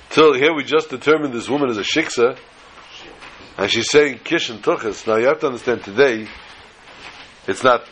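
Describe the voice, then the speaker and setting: Guy spinning a folksy tale, mid-pitched voice, wanders off on asides, slight hiss behind. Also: a bit bright, low-quality recording. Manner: chatty and digressive, with asides. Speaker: storyteller. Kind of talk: folksy storytelling with Yiddish phrases.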